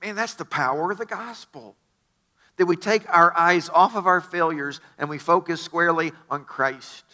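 A man's voice: high voice, bright, forceful tone. A middle-aged man preaching a sermon as pastor, telling the story with enthusiasm and stammered restarts.

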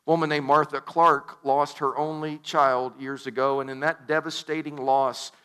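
A male pastor delivering a sermon, his voice a little high and strikingly bright. He reads scripture aloud and breaks into casual, joking asides. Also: level tone, moderate pace, clean tone. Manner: conversational, with humorous asides.

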